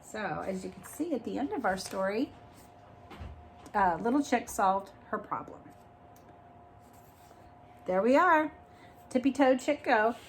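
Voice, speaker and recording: Slow, lively woman reading a storybook. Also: a little high, a little hiss or hum. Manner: expressive, stops to explain the story. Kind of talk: storybook read-aloud.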